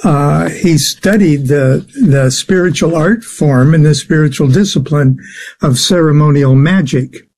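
A man with a fairly high voice talks slowly and haltingly as an interview guest. He fills his pauses with many "uh"s and restarts while he explains his subject at length. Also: a little mellow. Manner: slow, halting, many filler sounds. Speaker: guest expert on the occult. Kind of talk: interview answers.

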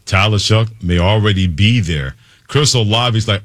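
A man hosting a sports talk radio show, speaking in a brisk, conversational way from a studio. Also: on the low side, a bit bright, dry recording. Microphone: studio mic.

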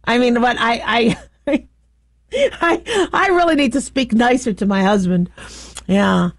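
A middle-aged woman talks through a casual commentary in a bright, high voice. She is chatty and animated, laughing often and restarting her sentences. The sound is dry and close. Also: measured pace, dry recording. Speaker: host.

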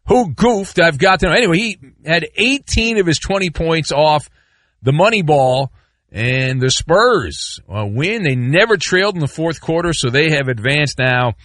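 Animated rambling sports radio host. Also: male voice, on the high side, normal speed, dry recording, clean studio sound. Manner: animated, rambling, sarcastic rants with mock outrage. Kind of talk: sports talk radio with live ad reads.

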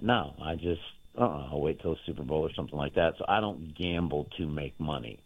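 A very deep-voiced man tells long, boastful stories about his betting picks. He rambles and circles back as he talks. His voice comes through a thin, tinny phone line with a dry sound. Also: brisk, dry recording. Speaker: sports betting handicapper. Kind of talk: casual chat on a show.

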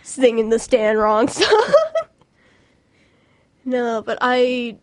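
A woman's voice: on the high side, big pitch swings, very slow, no echo. Giggly, rambling young woman. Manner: giggly, rambling, many restarts and fillers. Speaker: podcast co-host, mock trial team member. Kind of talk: casual chat.

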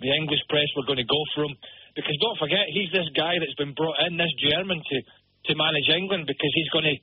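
A man's voice: a little high, husky, no echo. A blunt, opinionated man giving soccer analysis as a radio guest. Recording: tinny phone line.

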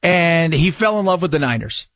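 A man hosting a radio talk show, his voice sitting a touch high and sounding very dry and close to the mic. He riffs excitably and cracks jokes as he goes. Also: moderate pace, dry recording. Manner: excitable, jokey, riffing. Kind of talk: casual talk radio commentary.

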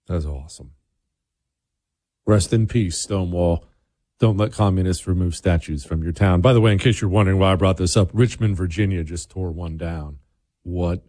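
A man's voice: low-pitched, normal speed, mellow, dry recording, clean studio sound. Blunt emphatic talk radio host, man. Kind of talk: opinionated talk radio monologue.

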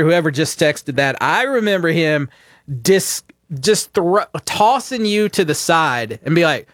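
A man's voice: fairly high pitch, animated, measured pace, fairly bright tone, no echo, clean studio sound. A man co-hosting a casual sports talk show, playful and teasing, ribbing his partner. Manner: playful, teasing, jumps into mock voices. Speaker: co-host.

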